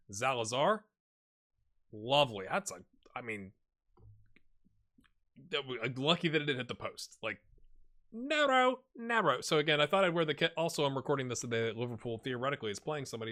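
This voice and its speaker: Forties male gaming host, bright forceful tone, rambling self-deprecating let's-play chatter. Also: medium pitch, animated, fairly quick, pauses often. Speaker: gaming YouTuber. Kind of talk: casual let's-play commentary.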